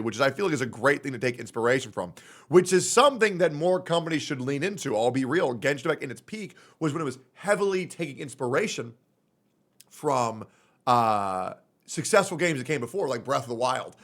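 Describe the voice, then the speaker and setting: A young man streaming his reactions, blunt and profane in his opinions. His voice is bright and forward, swinging widely in pitch as he rants. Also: expressive, a little fast. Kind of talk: casual reaction commentary.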